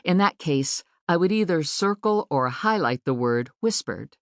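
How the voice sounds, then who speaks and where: Low, lively woman narrating a how-to guide. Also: no echo, clean studio sound. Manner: clear, deliberate teaching delivery with marked emphasis. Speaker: audiobook narrator. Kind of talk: scripted instructional narration. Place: recording studio.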